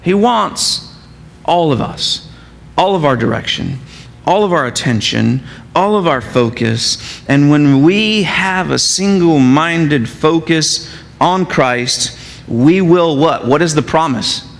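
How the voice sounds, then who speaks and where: A male pastor preaches to his congregation in a high, very expressive voice that swings up and down. He keeps asking the room questions. His words ring with the long reverb of a church hall. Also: slow, vocal fry. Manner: animated, asks the congregation questions. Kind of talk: sermon. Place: church sanctuary.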